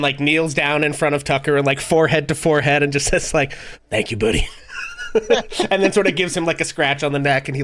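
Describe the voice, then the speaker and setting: Man, tabletop player, cheerful, laughs a lot, slightly high voice. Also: a bit bright. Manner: cheerful, laughs between lines. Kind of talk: tabletop role-play.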